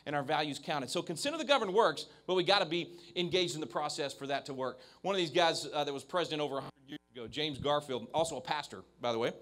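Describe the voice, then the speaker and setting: A fairly high-pitched man talks fast, hardly pausing, with a slightly bright tone. He is giving a keynote to an evening audience at an event venue through a handheld microphone, stressing words and restarting frequently.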